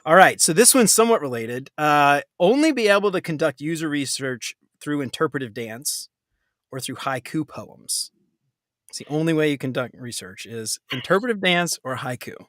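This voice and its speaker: A man hosting a casual live Q&A, joking and laughing often as he runs through quick questions. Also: a little high, animated, fairly bright tone, no echo, clean studio sound. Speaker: host.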